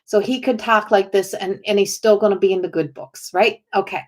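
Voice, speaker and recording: A woman's voice: mid-range voice, steady tone, brisk. A woman giving a spontaneous oracle card reading as a psychic medium, rambling with lots of "like" and restarts as she relays what a spirit tells her.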